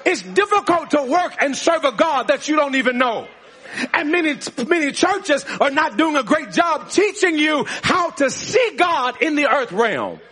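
A man's voice: very high voice, big pitch swings, measured pace, sharp tone. A man preaching a sermon in a church, calling out to the congregation and laughing often. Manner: preaching with call-and-response, frequent laughter. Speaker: pastor. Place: church sanctuary.

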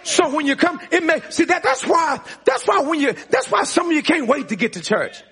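In a church sanctuary, a man delivers a sermon as pastor, trading calls with the congregation and breaking into frequent laughter. He speaks fairly quickly in an extremely high, fairly bright voice with big pitch swings.

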